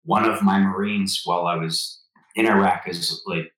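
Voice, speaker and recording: A man in his forties with a deep, low voice, talking as an interview guest. He is a lively storyteller who keeps slipping into quoted dialogue. A roomy echo hangs on his voice. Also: moderate pace. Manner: animated storyteller, acts out quotes. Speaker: guest, former Marine officer.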